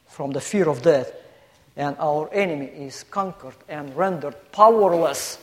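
A guest preacher addresses a congregation in a high-sitting, darkish voice, emphatically building lists of points and telling a story. The recording carries a long hall reverb.

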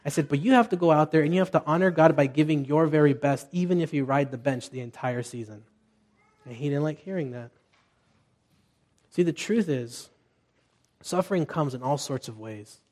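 A man's voice: on the high side, moderate pace, darkish tone. A middle-aged man preaching a conversational sermon as pastor, telling family stories with restarts and asides.

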